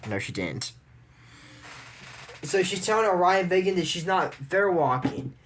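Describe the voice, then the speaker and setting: A woman's voice: lowish voice, sing-song, a little slow, noisy background. Rambling woman recapping a cartoon. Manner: rambling, judgmental, with frequent restarts. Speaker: commentator recapping a cartoon episode. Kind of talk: casual commentary.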